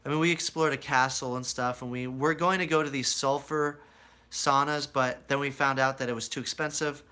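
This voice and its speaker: A young man from the United States has a smooth, medium-pitched voice and a moderate pace. Telling his life story casually to a live chat, he rambles and animatedly performs the voices he quotes.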